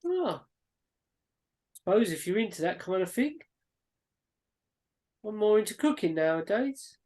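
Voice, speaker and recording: A woman speaking in character during a tabletop game, relaxed and playful, describing food in lively detail. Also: medium pitch, measured pace. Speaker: player.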